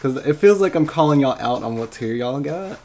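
Overwhelmed excitable male streamer. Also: medium pitch, brisk, soft background music. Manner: excited, swearing, laughing, stammering thanks. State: overwhelmed, tearing up. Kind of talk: live stream reaction.

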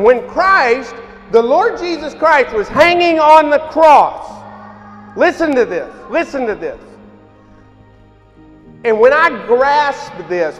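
A man's voice: extremely high pitch, fairly bright tone. A man, preaching a sermon in a folksy, emphatic way. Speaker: pastor. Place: church hall. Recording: hall reverb with faint music.

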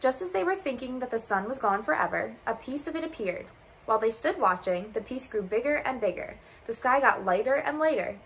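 Woman volunteer reader, high bright voice, expressive, faint hiss. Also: a little fast, rough recording. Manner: expressive, lively storytelling. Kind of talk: children's storybook read-aloud.

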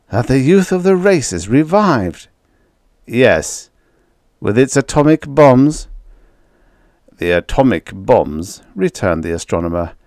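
A man's voice: low-pitched, darkish tone, no room sound, studio quality. A man voicing an earnest, persuasive middle-aged astronomer in an audiobook story.

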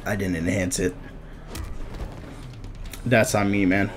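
A young man giving live commentary over his fighting-game matches, casual and self-critical, muttering under his breath and then yelling out at big moments. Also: low-pitched, flat delivery, slow, over music. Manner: reactive, swings from muttering to sudden shouts. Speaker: gameplay commentator.

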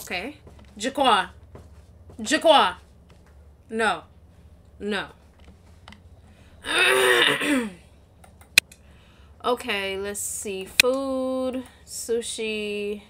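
A high-pitched woman gamer trash-talks and brags as she plays, her voice swinging widely up and down. She talks in an unhurried way. Keyboard clicks and typing stay clearly audible in the background. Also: expressive, bright, forceful tone, a little hiss or hum. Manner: playful, boastful trash talk. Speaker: gaming channel co-host. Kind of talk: casual gameplay commentary.

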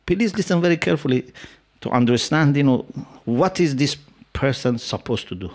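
A man's voice: on the high side, big pitch swings, moderate pace, long pauses. Man giving a religious talk, English. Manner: explanatory storytelling with Arabic quotations; frequent "yeah?" and "you know" to check in with listeners. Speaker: Islamic scholar and lecturer. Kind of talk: religious lecture. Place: mosque hall with a live audience.

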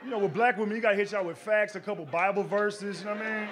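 A man's voice: high voice, steady tone, rapid-fire. A man performing a stand-up comedy set on a club stage, telling a loose, slangy story and acting out the quotes. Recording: live club recording with noisy room. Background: audience laughter.

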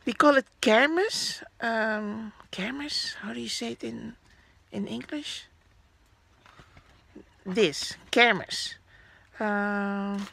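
Woman vlogger, unhurried and rambling, fillers and restarts, dead-dry room. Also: mid-range voice, gravelly, bright, forceful tone, no echo. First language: Dutch. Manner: rambling, chatty, frequent fillers and self-corrections. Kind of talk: casual haul vlog.

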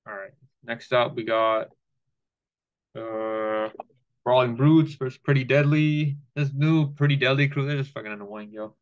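A man's voice: medium pitch, a little slow, highs cut off. A man giving a loose, casual recap of a wrestling show, cursing and quoting lines as he goes.

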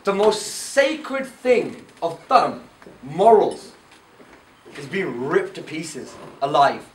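Animated man lecturing, echoey hall. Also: a little high, takes it slowly. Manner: animated storyteller, quizzes the audience. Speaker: camp speaker. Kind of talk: lecture to teenagers at a youth camp. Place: indoor camp hall. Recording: echoey room, far from the mic, faint noise.

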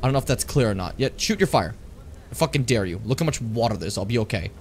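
A man casually commenting on his own gameplay as a streamer, swearing freely and jumping from chatter into sudden shouts. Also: mid-range voice, quick pace, slight background noise. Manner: animated, swearing, jumps into shouting.

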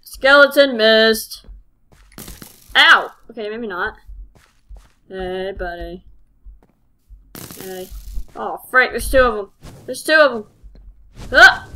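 A woman giving live gameplay commentary as host of her channel, excitable, exclaiming and poking fun at herself as she plays. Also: a little high, takes it slowly, long pauses. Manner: excitable, exclaiming and self-mocking.

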